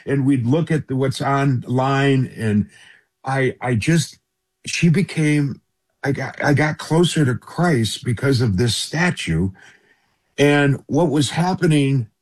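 Husky man telling a personal story. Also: medium pitch, takes it slowly. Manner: earnest, keeps addressing the host by name. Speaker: radio personality telling his story as a guest.

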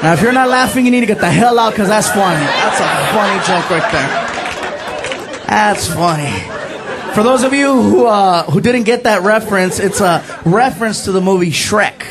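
Animated stand-up comic, loud crowd. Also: male voice, sits high, normal speed. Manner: loud, animated, laughing, shouting punchlines. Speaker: stand-up comedian. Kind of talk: stand-up comedy routine. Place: comedy club stage with laughing audience. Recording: live show with crowd noise. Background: audience laughter.

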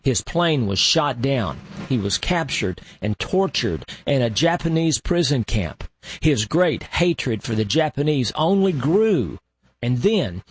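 A man hosting a radio show, narrating in a slow, deliberate way with long dramatic pauses. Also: mid-range voice, husky, no room sound.

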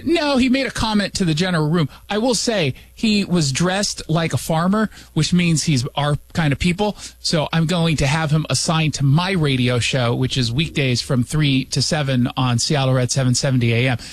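Voce maschile piuttosto acuta, suono secco e ravvicinato da studio. Un conduttore che ironizza e divaga con battute pungenti. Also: male voice, on the high side, no room sound. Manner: sarcastic, joking, rapid asides. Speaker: radio and podcast host. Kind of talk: casual opinion chat.

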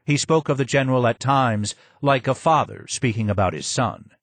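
A man narrating a memoir audiobook in an expressive reading with strong emphasis. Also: medium pitch, moderate pace, no echo.

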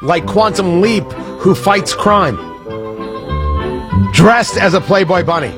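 Give me a self-mocking Midwestern radio host who laughs often. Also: male voice, high-pitched, slow, music in the background. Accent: American Midwest. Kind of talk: morning radio banter.

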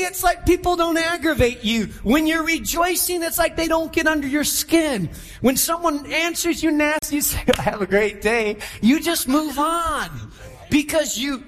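Pastor, male, animated preacher who acts out quoted voices, high voice, long church reverb. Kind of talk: sermon.

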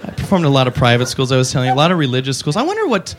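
A man's voice: medium pitch, huge pitch swings, rapid-fire, a little hiss or hum. A man doing stand-up comedy, rambling animatedly and laughing at his own jokes.

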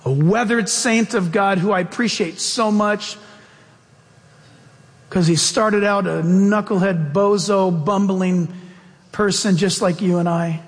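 A man preaching a sermon as a pastor, telling stories in an animated way. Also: high-pitched. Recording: long hall reverb.

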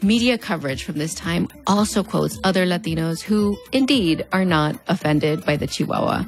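A woman in her thirties with a Mexican American border (fronterizo) accent hosts scripted pop-culture commentary, wry and conversational with playful pitch swings. She's animated, speaks at a moderate pace with hardly any pauses, and soft music plays in the background.

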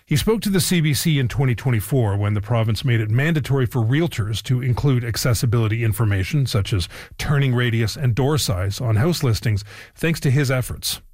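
News guy reading a script, measured and even, dry close mic. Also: medium pitch, no room sound. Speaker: news presenter.

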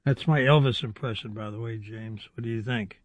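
A man hosting a radio call-in show, brisk and wry as he brings on callers. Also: medium pitch, fairly even intonation, dry recording. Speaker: host.

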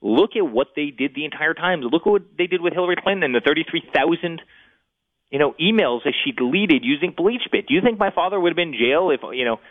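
A man in his forties talking as an interview guest, fast, often repeating words as he starts sentences. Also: a little high, animated. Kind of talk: interview talk. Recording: tinny phone line.

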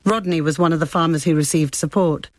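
A woman correspondent reading a scripted radio report in a measured, descriptive way. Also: deep voice, steady tone, no room sound. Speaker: foreign correspondent.

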